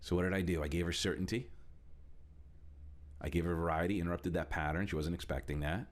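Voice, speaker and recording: A middle-aged man giving a motivational talk as a coach, animated and acting out little quotes as he explains. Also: quick pace. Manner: animated, shifts pitch a lot for emphasis, acts out quotes. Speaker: speaker and coach.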